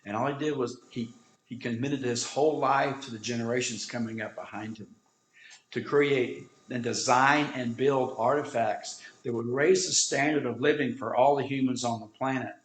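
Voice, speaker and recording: A man who serves as the instructor, telling a story in an earnest way with dramatic pauses, recorded in an echoey room. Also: mid-range voice. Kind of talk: storytelling talk.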